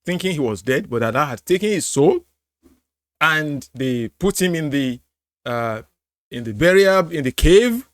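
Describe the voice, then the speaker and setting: High, lively man laughing through commentary. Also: no echo, studio quality. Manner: laughs often, repeats exclamations. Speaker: apologetics host reacting to a clip. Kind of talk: mocking reaction commentary.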